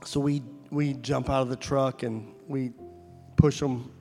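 A man's voice: mid-range voice, fairly even intonation, measured pace, darkish tone, soft background music. A man preaching a sermon at a church service, telling a story and then pleading fervently with his listeners.

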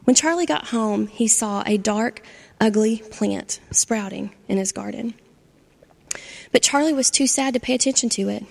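A woman narrating a children's storybook aloud in an expressive, measured way. Her voice has a gravelly texture, and a long reverb trails behind her words as if she reads in a hall. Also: on the high side.

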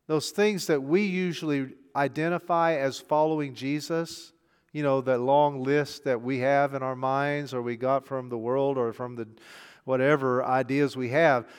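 A man preaching a sermon. He asks rhetorical questions and swings between hushed, intimate passages and emphatic, raised ones. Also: a little high. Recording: long hall reverb.

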